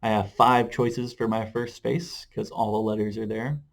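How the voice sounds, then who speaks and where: A man's voice: fairly low pitch, normal speed. Man teaching a math lesson. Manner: relaxed explaining with frequent "uh" fillers. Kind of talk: video lesson.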